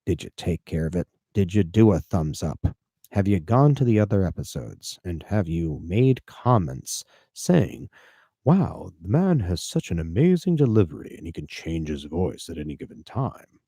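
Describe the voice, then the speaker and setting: A man putting on an impression of a deep-voiced older male narrator, drawing his words out slowly and low. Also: big pitch swings, warm tone, husky, dry recording, clean studio sound, exaggerated voice. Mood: teasing. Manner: slow, low, drawn-out delivery.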